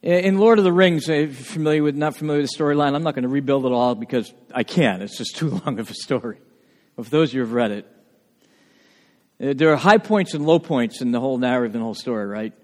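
A man preaching a sermon with emphatic delivery, rising to loud urgent points and dropping to hushed, quiet lines. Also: medium pitch, quick pace. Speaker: pastor. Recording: long hall reverb.

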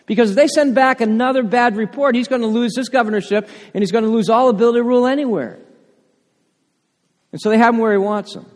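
A man preaching a sermon, animated and acting out the voices in the passages he quotes. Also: sits high, in a large hall. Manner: animated, acts out quoted voices with rising intensity. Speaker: pastor. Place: church sanctuary.

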